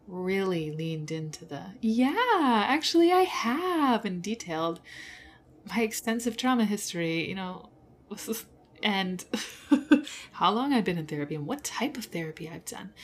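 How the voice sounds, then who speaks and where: A woman's voice: lowish voice, a little hiss or hum. A woman hosting a personal podcast, venting her frustration in an emotional monologue with bitter laughs, close to tears at moments. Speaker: podcast host.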